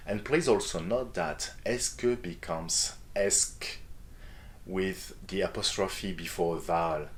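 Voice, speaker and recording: A man teaching a beginner French lesson, clearly modeling French example phrases and questions. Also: low voice, takes it slowly. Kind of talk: scripted online language lesson.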